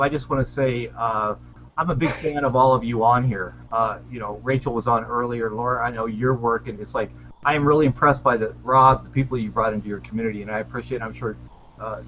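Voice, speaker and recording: A man's voice: medium pitch, fairly even intonation, a little fast, fairly bright tone, lo-fi sound, a little hiss or hum. A man on a panel, chatty and self-deprecating, giving sales tips in a casual video call discussion. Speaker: panelist, small business owner. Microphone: video call webcam.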